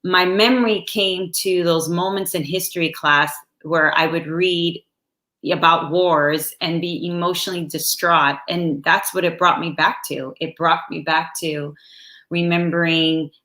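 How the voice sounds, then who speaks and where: Woman interview guest, unhurried and soft-spoken, bright slightly low voice, echoey room. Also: steady tone. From United States. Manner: slow, soft-spoken and halting. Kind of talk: reflective personal storytelling.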